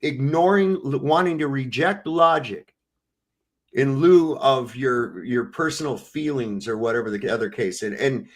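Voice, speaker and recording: A man co-hosting a casual live-stream chat, venting with a lot of swearing and animated storytelling. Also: medium pitch, a little slow. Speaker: livestream co-host.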